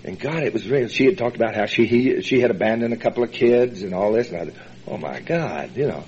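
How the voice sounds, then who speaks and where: A man telling his personal recovery story as a meeting speaker, in a folksy, halting way with many fillers and chuckles. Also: mid-range voice, expressive, darkish tone. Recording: dull lo-fi recording.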